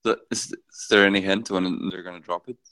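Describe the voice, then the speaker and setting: Male co-host, very low voice, brief answers and short agreements. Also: fairly even intonation, brisk, bright, forceful tone. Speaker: podcast co-host. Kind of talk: casual chat.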